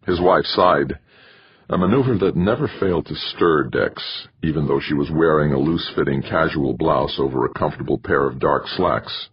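A man narrating an audiobook, with an expressive reading. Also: extremely low pitch, normal speed, a little hiss or hum. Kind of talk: scripted narration. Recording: dull lo-fi recording.

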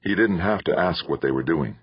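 A man with a very deep, husky voice reads a novel in measured storytelling. The recording is dry, close, and dull in tone. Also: lively intonation, no echo. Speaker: audiobook narrator. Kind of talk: scripted narration.

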